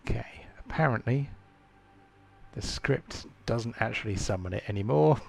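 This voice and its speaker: Male game master, gravelly, unhurried, halting delivery with fillers while narrating a tabletop game. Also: medium pitch, animated, a little mellow. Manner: halting, thinks aloud with fillers.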